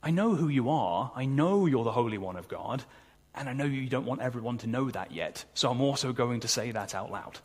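A man's voice: mid-range voice, lively intonation, brisk, darkish tone, husky. A man voicing a mocking male demon, sly and taunting. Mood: wheedling. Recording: long hall reverb.

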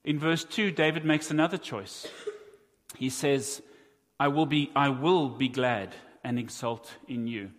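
A man with a South African accent preaching a sermon, earnest and deliberate, with wry asides to his congregation. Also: mid-range voice, big-room sound. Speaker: pastor.

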